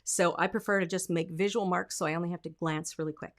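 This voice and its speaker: A woman's voice: fairly low pitch, fairly even intonation, quick pace. Woman vocal coach teaching singing. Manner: explaining, breaks into sung and spoken examples. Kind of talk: vocal lesson with sung demonstrations.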